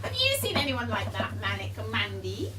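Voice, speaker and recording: A woman's voice: mid-range voice, wildly swooping pitch, normal speed, very noisy. A woman playing a cheeky witch in an amateur pantomime, cracking jokes and refusing refunds. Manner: cheeky, joking. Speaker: pantomime performer. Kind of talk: amateur pantomime stage acting. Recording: echoey hall from far off, loud audience.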